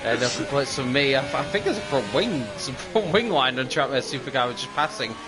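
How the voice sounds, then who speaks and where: With music running beneath, a man leads the commentary on a sim racing qualifying session, upbeat and chatty with plenty of fillers. He speaks fairly quickly in an animated, medium-pitched voice.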